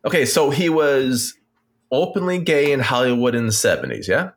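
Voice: medium pitch, expressive, moderate pace. A podcast co-host in casual movie chat, making wry, sarcastic jokes.

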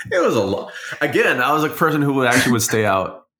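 A man's voice: medium pitch, big pitch swings, fairly quick, sharp tone. A man co-hosting a casual podcast, laid-back, with joking asides. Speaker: podcast co-host. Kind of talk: casual chat. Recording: roomy echoey room.

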